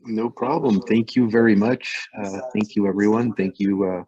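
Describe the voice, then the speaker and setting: A man from France with a light French accent, a company CEO speaking on a panel, halting with many repeated words. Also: lowish voice, steady tone, warm tone, highs cut off.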